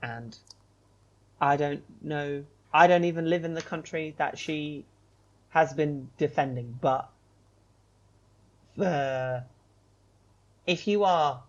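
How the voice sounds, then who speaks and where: A British podcast co-host speaks in a gravelly mid-range voice on a casual show, first earnest and emphatic, then shifting into playful self-mockery. The recording has its highs cut off.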